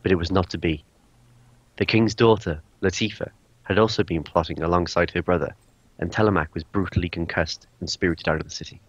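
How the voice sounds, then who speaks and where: A man's voice: sits low, steady tone, fairly quick, husky, no room sound. A man reading a character backstory aloud at a tabletop game, often close to laughing. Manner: reads aloud, breaking into laughter. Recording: dull lo-fi sound, dry.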